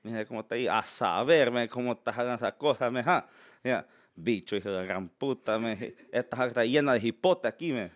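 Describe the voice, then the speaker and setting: A man's voice: mid-range voice, close to an everyday voice. Man doing a cursing Salvadoran joker. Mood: mocking. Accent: Salvadoran Spanish. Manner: rapid slangy cursing. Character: crude joking Salvadoran man swearing.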